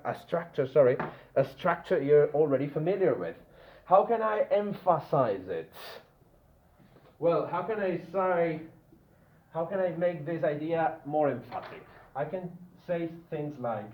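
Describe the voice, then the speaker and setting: A man teaching a grammar lesson to a class, often checking in with the students and drawing out his example words slowly. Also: fairly high pitch. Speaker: English teacher. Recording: dull lo-fi classroom recording with room echo.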